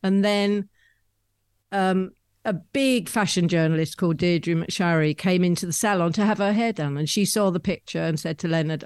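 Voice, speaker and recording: A woman, a guest telling rambling stories about her past with soft laughs. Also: lowish voice, moderate pace, clear, resonant tone, dry recording, clean studio sound. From London, England. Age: 70s. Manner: chatty, rambling storyteller with frequent soft laughs. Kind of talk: conversational anecdotes.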